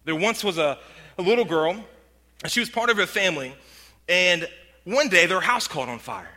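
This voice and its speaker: A man preaching a sermon as pastor, earnest, slowing down and softening his voice to stress points. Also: high-pitched, animated. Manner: earnest, slows and softens for emphasis. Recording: long hall reverb.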